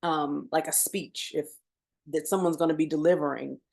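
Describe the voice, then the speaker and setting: A woman with a fairly low voice co-hosts a casual podcast. She talks things through unhurriedly and thoughtfully, with laughing asides along the way. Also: fairly even intonation, moderate pace, creaky, darkish tone. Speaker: podcast co-host. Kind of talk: casual chat.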